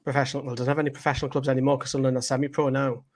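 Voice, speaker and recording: A man co-hosting a live football fan watchalong, chatty and quick to jump in on the conversation. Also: mid-range voice, flat delivery, a little mellow. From Northeast England. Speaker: fan channel co-host. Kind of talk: live match watchalong chat.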